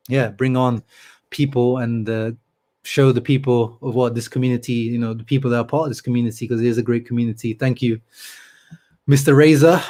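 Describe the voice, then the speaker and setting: A man's voice: mid-range voice, darkish tone. Guy rambling on his football stream, lots of ums and you knows, reacting to chat. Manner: chatty, many fillers, reads out viewer comments. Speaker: channel host on a live stream. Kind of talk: casual live-stream chat about football.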